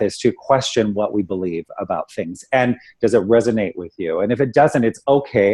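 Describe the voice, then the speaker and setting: A man's voice: on the low side, a little mellow, breathy edge. A man from Canada co-hosting a spiritual webinar, talking earnestly and eagerly sharing quotes. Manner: earnest, enthusiastic, shares quotes. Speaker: webinar co-host. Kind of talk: casual spiritual discussion.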